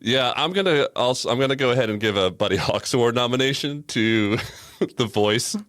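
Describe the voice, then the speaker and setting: A man's voice: medium pitch, a little fast, fairly bright tone, no room sound, clean studio sound. A man co-hosting a podcast in casual chat, reviewing a cartoon episode with a wry, sarcastic manner. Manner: wry and sarcastic, laughs often. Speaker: podcast co-host.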